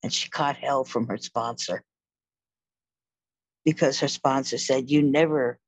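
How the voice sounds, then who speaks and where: A woman's voice: very deep voice, fairly even intonation, a little slow, breathy edge, no echo. A middle-aged woman sharing her own story of addiction and recovery in a candid, wry storytelling manner, acting out the lines of other people as she goes. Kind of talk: personal testimony.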